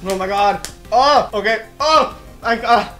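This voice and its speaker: A man's voice: sits high, a little slow, pushed and bright, faint music behind. A young man, a gaming streamer, reacting in a panicky, exclaiming way and breaking into laughs. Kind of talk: excitable reaction commentary.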